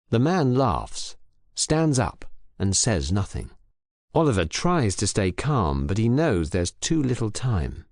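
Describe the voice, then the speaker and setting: A man reading a crime story aloud in clear, measured narration for English learners. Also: lowish voice, very animated, no room sound, studio quality. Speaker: audiobook reader.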